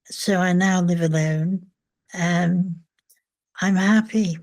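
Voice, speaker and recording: An older woman, a memoir author, speaking reflectively in an interview, thoughtful and hesitant with frequent pauses. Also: on the low side, fairly even intonation, a little mellow.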